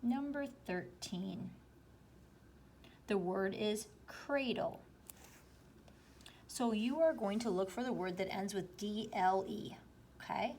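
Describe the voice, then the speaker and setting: A woman teacher slowly and patiently walking students through a spelling worksheet, step by step. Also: mid-range voice, a little mellow, slight background noise. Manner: slow, patient, explaining step by step. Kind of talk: spelling lesson walkthrough.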